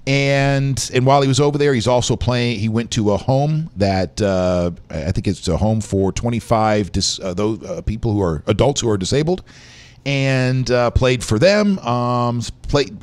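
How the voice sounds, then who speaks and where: A man's voice: mid-range voice, normal speed, darkish tone. A man hosting a live-streamed show, chatting loosely and joking with viewers. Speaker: show host. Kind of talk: casual live-stream chat.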